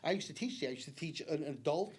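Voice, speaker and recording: A middle-aged man with a voice pitched a little high talks in a community TV studio. He tells his stories in a loose, animated way, peppered with "like" and "okay?". It sounds like a guest in a casual sit-down interview. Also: fast, husky. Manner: animated storyteller, many fillers like 'like' and 'okay?'. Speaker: guest psychic medium.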